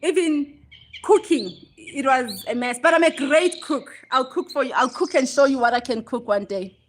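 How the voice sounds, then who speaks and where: High-voiced woman hosting a casual livestream. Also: lively intonation, normal speed, slight background noise. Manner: chatty, reads and answers viewer comments aloud; laughs easily, self-deprecating. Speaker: livestream host.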